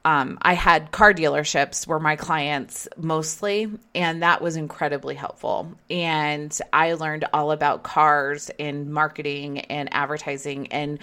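A woman in her thirties casually telling a personal story, chatty and animated, acting out what people said. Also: deep voice, measured pace, few pauses, clean tone. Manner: chatty, animated retelling with acted-out quotes. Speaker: storyteller recounting her career. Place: Las Vegas area.

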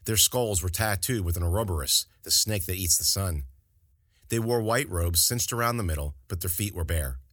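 Deep, husky male audiobook narrator. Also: moderate pace, fairly bright tone, no echo, studio quality.

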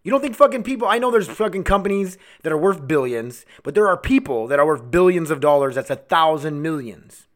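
A man's voice: expressive, a little fast, hardly any pauses. Angry, foul-mouthed man ranting. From United States. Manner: angry, swearing constantly, heated; veers between shouting and low muttering. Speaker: podcast host. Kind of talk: solo podcast rant.

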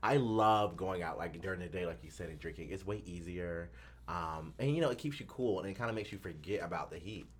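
A man co-hosting a casual chat, playful and teasing, with a husky voice. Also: low-pitched, fairly quick. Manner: playful and teasing, with lively swings. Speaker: podcast co-host.

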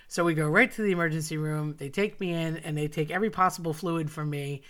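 A woman's voice: low-pitched, fairly even intonation, fast talker, fairly bright tone. A woman telling a personal story with wry, self-mocking asides. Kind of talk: personal story told to an audience.

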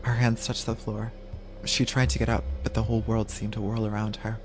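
A man narrating a horror audio drama in a measured, even storytelling voice. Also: lowish voice. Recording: music playing under the voice.

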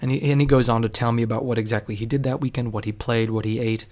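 A man's voice: mid-range voice, fairly even intonation, fast talker, a little mellow. A man telling a personal story in a wry, profane, conversational way.

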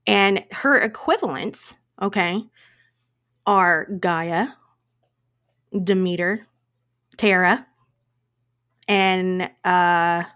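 A woman's voice: fairly low pitch, drawn-out words, pauses often, fairly bright tone. A woman co-hosting a casual podcast, chatty and laughing often as she jokes about her own pronunciation. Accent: regional accent. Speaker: podcast co-host. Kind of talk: casual chat.

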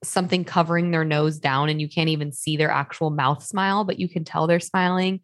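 A woman's voice: low voice, fairly even intonation, brisk, dry recording, studio quality. A young adult woman co-hosting a podcast, chatting casually and telling stories, full of little fillers. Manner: chatty, storytelling with many likes. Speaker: podcast co-host. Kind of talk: casual chat.

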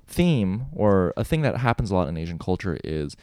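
A man's voice: sits low, sing-song, normal speed, mellow, clear, resonant tone, no echo. Guy cohosting a podcast, chill but swears a lot, voice goes up and down a lot, dry. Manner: easygoing, swears, hypes up his co-host. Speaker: podcast co-host. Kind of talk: casual chat.

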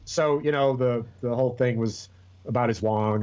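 A man's voice: medium pitch, normal speed, darkish tone, lo-fi sound. A man co-hosting a podcast in casual chat, rambling and profane with many restarts. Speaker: podcast co-host.

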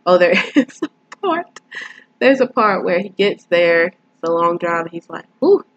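A woman's voice: on the low side, expressive, a little slow, highs cut off. A woman casually retelling and reviewing a film, rambling with lots of fillers.

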